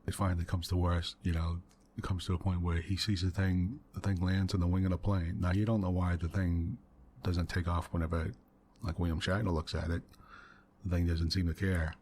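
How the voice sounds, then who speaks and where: A deep-voiced man talks quietly as the host of an ASMR gaming session. He meanders through a long story with soft chuckles and many fillers, close to a desktop mic. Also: flat delivery, normal speed, a little hiss or hum. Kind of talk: soft-spoken ASMR let's play chat.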